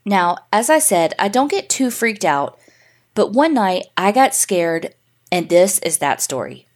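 A woman podcast co-host reading a listener's email story aloud in a steady storytelling voice. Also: mid-range voice, a little slow.

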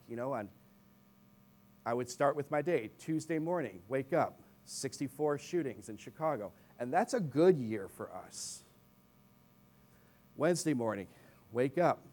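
Young male pastor, conversational sermon delivery, animated storyteller, mid-range voice. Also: mid-range voice. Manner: animated storytelling with asides to the congregation. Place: church in Chicago.

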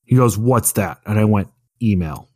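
A man's voice: on the low side, lively intonation, normal speed, darkish tone, dry recording, clean studio sound. A man in his thirties, a podcast co-host telling a story in casual chat, rambling with many fillers and restarts. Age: 30s.

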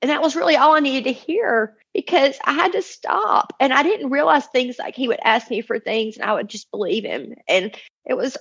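A woman's voice: high voice, expressive, moderate pace, gravelly, a bit bright, slightly rough. A woman in her forties, a mother, telling an emotional personal testimony in an earnest, tumbling way, acting out the voices she quotes. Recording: dull lo-fi recording.

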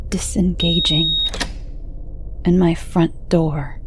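Brief: female horror narrator, unhurried and gravelly, keeps slipping into whispers. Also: lowish voice, fairly even intonation, slight background noise. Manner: hushed, often dropping to a whisper.

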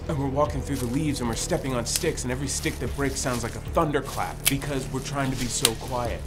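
A man hosting a podcast, telling a spooky story in an animated way and acting out his friends' lines. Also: mid-range voice. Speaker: podcast host. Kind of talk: storytelling, recounting a spooky experience.

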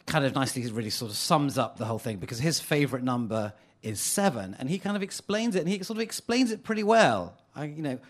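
A man's voice: fairly high pitch, fairly bright tone. A man giving a playful, chuckling talk to a live audience in a hall.

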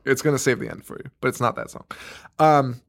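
A man's voice: mid-range voice, a little fast, gravelly, slight background noise. A young man co-hosting a casual horror film podcast, rambling and swearing, often laughing. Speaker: podcast co-host. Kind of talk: casual chat about horror films.

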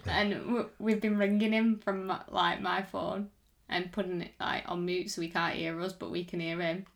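A woman's voice: lowish voice, flat delivery, moderate pace, creaky. A woman co-hosting a podcast in giggly, teasing casual chat. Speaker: podcast co-host.

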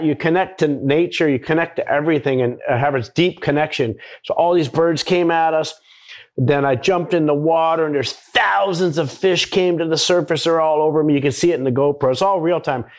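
Laid-back man telling a surfing story. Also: fairly high pitch. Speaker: big wave surfer guest. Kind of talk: casual storytelling.

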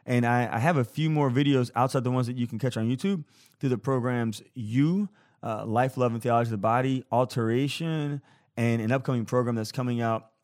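A man in a podcast host's chair, spinning a personal tale in casual storytelling mode. He talks in a lively, playful way, acting out moments with plenty of self-deprecating humor. His pitch sits mid-range for a man. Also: fairly quick. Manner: animated, playful storyteller who acts out scenes. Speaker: podcast host.

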